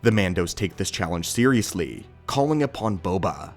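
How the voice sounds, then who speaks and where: A man narrating a scripted story in a steady, measured storytelling delivery as the channel's host. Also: deep voice, soft background music.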